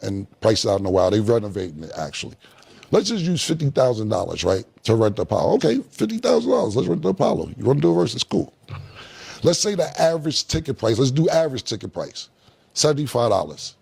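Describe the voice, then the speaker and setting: A man's voice: mid-range voice, creaky, a little mellow, husky. A man in a casual interview, telling a story and acting out the other voices in a laid-back drawl. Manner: acts out quoted dialogue in a laid-back drawl. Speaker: podcast guest.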